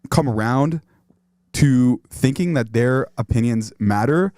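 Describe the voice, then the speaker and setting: A man's voice: mid-range voice, slow pace, a little mellow, no room sound, studio quality. A young man co-hosting a podcast, musing earnestly in casual chat with plenty of "like" and "um". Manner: earnest, musing, heavy on fillers. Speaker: podcast co-host.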